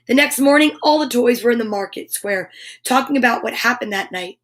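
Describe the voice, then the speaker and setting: A woman with a high voice hosts a children's story time, reading picture books aloud. Her delivery is animated and expressive. She breaks off for playful asides to young listeners. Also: a little fast.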